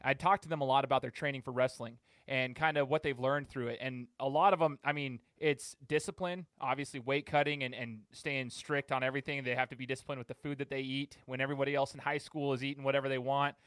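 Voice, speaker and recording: A man's voice: mid-range voice, fast talker, hardly any pauses, smooth, dry recording. A man hosting an interview podcast, casual and chatty as he sets up his question. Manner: relaxed, conversational, chatty with fillers. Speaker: podcast host.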